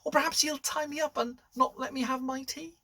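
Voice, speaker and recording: A man's voice: very high voice, steady tone, brisk, pushed and bright, voice pushed up, exaggerated voice. A man voicing a silly, worried little male sheep in a children's story, in a fretful sing-song way.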